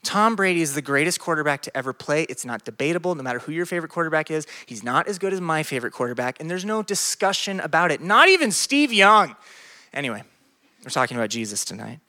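A male pastor preaching to young people in a loose, conversational way, full of jokes and quick asides. His voice sits a little high and rings bright. He swings between big, excited peaks and quiet, earnest stretches. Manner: animated, joking, conversational. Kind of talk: sermon to a youth group.

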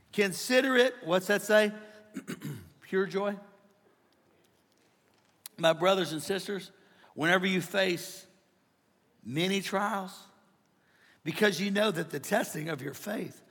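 A man in his thirties preaching a lively sermon as pastor, with call-and-response, in a large church auditorium. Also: a little high. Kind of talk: live sermon. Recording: long reverb of a big hall.

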